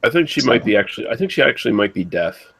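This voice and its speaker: A man's voice: medium pitch, very animated, fast, creaky, a bit bright, breathy edge. A man co-hosting a podcast, chatting in a sarcastic, mocking way. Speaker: podcast co-host. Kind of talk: casual chat.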